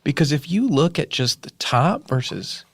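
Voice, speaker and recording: A man's voice: fairly high pitch, big pitch swings, normal speed, husky. A man co-hosting a comedy podcast, riffing in a playfully mock-serious way. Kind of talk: improvised comedy chat.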